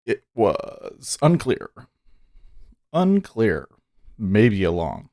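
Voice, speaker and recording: A man's voice: fairly low pitch, wildly swooping pitch, very slow, a little mellow. A man hosting a day trading livestream, talking casually and exasperatedly, swearing as he rants at the charts. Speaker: day trader streamer.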